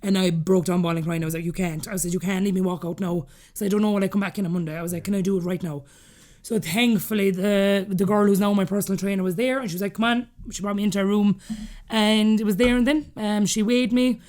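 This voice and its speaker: Speaking rapidly at a medium pitch, a thirtysomething Irish woman opens up candidly as a guest on a podcast. She's animated throughout and acts out the words of anyone she quotes.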